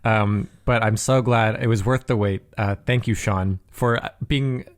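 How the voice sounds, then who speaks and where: A man's voice: lowish voice, fairly even intonation, a little slow. A man hosting a movie podcast, rambling and laughing as he talks into an iPad mic. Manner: rambling, laughs often, self-interrupting. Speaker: podcast host. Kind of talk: casual chat. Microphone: iPad microphone.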